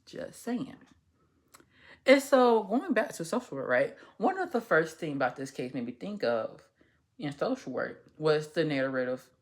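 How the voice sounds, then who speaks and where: A woman's voice: deep voice, big pitch swings, a little slow. Woman, podcast host, social worker, casual commentary, candid, profane, rambling, stumbles over words.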